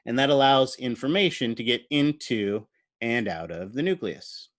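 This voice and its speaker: A man with a medium-pitched, fairly bright, expressive voice gives a recorded university biology lecture at a moderate pace. Drawing as he goes, he explains step by step, thinks aloud, and tosses playful questions to the class. The sound is clean studio audio with no echo.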